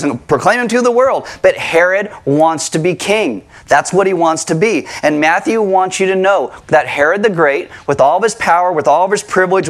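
A middle-aged man preaching a sermon to his congregation, conversational and animated, asking rhetorical questions. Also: fairly high pitch. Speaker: pastor. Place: church sanctuary with congregation.

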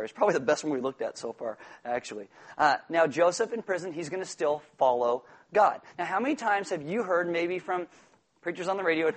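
A man preaching a sermon in an animated, joking way, acting out quoted voices. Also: a little high. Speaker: pastor.

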